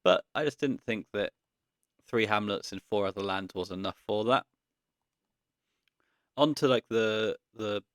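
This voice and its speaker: Low gravelly man talking through a game. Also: no echo, clean studio sound. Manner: thinks aloud, relaxed, frequent ums. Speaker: card game content creator. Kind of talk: casual gameplay commentary.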